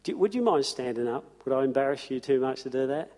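A man preaching a sermon in a church, conversational and warm in his asides, repeating phrases for emphasis. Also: mid-range voice, lively intonation, fast talker, in a large hall. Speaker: pastor.

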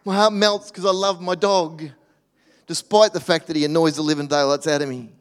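A man preaching a sermon in a church, animated, acting out voices and dropping to soft near-whispers. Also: fairly high pitch, fairly quick, smooth. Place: church hall. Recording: reverberant hall.

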